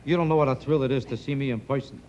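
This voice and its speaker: A man's voice: mid-range voice, steady tone, very fast. A man with a New York Jewish accent doing a stand-up routine, firing off rhetorical questions in a sing-song delivery. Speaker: stand-up comedian. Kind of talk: stand-up routine to a studio audience. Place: TV studio stage with live audience. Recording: old TV broadcast, loud crowd laughter and noise.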